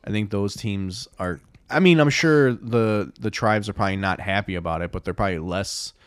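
A man's voice: lowish voice, moderate pace, clean tone, no echo, clean studio sound. A man co-hosting a podcast in casual chat, rambling through stories with many fillers and frequent laughs. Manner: rambling storyteller, laughs often, lots of filler "like". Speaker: podcast co-host.

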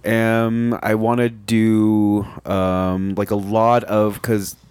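A man with a lowish voice co-hosts a casual podcast, talking in halting, hesitant bursts. The sound is dry and close-miked. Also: level tone, a little mellow, clean tone, dry recording. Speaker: podcast co-host. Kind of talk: casual drinking-show banter.

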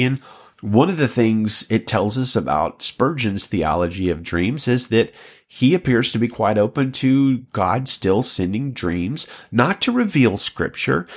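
A male pastor teaching a sermon and reading old stories aloud with earnest expression. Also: medium pitch.

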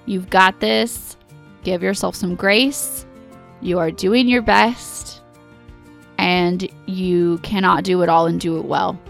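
Slow, earnest mom podcast host. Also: female voice, lowish voice, fairly even intonation, creaky, fairly bright tone, faint music behind. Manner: earnest, pep-talk, direct address to listeners. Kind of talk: casual encouraging podcast talk.

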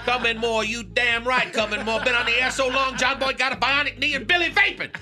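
A man's voice: very high voice, steady tone, a little fast. A man playing a crude, boastful radio character who invents long words and laughs through his lines on a morning comedy show, with music underneath.

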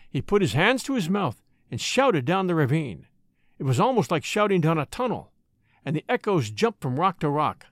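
A man narrating a classic adventure story in an expressive, dramatic audiobook reading. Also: on the high side, normal speed, dry recording, studio quality.

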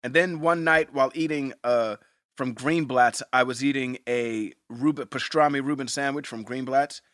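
Bright, dry-voiced casual man. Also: medium pitch, moderate pace, no room sound. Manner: loose, profane, laughs a lot. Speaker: podcast co-host. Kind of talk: casual rewatch chat.

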